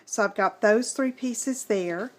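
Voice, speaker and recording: A woman hosting a craft tutorial, gently explaining each step as she works. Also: medium pitch, slow pace.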